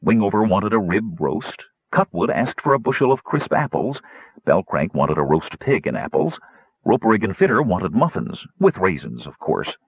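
Husky male storyteller, lively pitch. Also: moderate pace, no room sound. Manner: expressive, voicing many characters. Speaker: audiobook narrator. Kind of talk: scripted fantasy narration. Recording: dull lo-fi audiobook recording.

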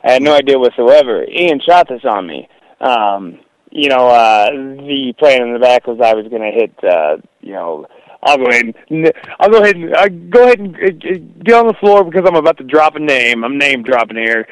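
A man's voice: medium pitch, sing-song, normal speed, clean tone, dry recording, rough recording. A young man, a wrestler guest, telling stories in a casual interview, rambling with lots of fillers and "dude".

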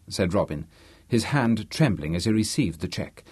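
A man narrating a novel audiobook in a measured, expressive way. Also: on the low side, slightly rough, dry recording, studio quality. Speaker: audiobook reader. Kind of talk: scripted narration.

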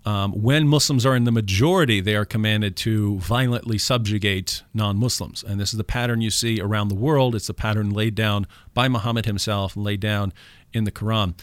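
A man's voice: fairly low pitch, fairly even intonation, normal speed, no echo. A man speaking on a call-in radio talk show, recites quotations in a raised tone. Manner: quotes scripture in a raised, recited tone. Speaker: guest speaker.

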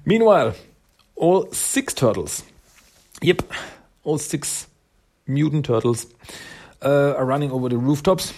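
A man's voice: fairly high pitch, expressive, slow pace, pauses often, darkish tone, a little hiss or hum. A man casually recapping a comic book, chatty and often laughing, acting out the characters' lines as he goes. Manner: chatty, laughs often, retells scenes with quotes.

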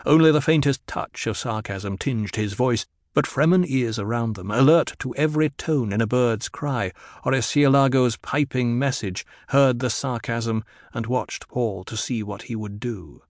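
A man's voice: mid-range voice, moderate pace, hardly any pauses, no room sound, studio quality. Man reading an audiobook narration.

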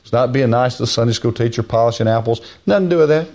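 A male preacher gives a plainspoken, folksy sermon teaching from the Bible, stretching key phrases out slowly with heavy emphasis. Between those raised, high-pitched stresses he slips into quiet, low asides, and the sound is lo-fi.

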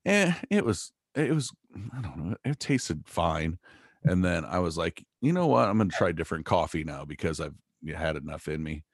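A man with a very low, deep voice, talking casually and rambling from one thing to the next. He swears offhandedly and laughs easily. The sound is dry and close, with no room around it. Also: lively intonation, normal speed, breathy edge, dry recording. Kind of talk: casual chat.

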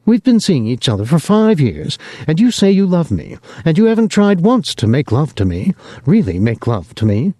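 A man putting on a bitter young woman who taunts and needles, her voice lifted high and swinging widely. The reading is dry and close, with a mellow tone under the sharpness. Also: big pitch swings, normal speed, dry recording. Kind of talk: audiobook character voice.

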